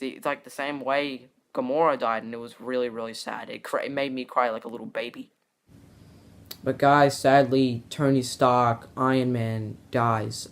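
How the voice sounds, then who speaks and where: A man's voice: medium pitch, fairly bright tone. A man giving a casual spoken movie review, rambling with many fillers and restarts and sounding emotional.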